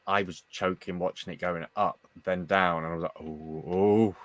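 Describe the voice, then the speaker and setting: A man's voice: low-pitched, level tone, brisk, crowd noise. A man co-hosting a casual live-stream chat, chatty and prompting others with questions.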